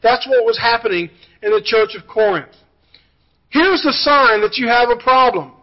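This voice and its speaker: A man's voice: very high-pitched, normal speed, dull audio. A man preaching a sermon as pastor, telling joke illustrations and then turning earnest. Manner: storytelling preacher, jokey asides then earnest.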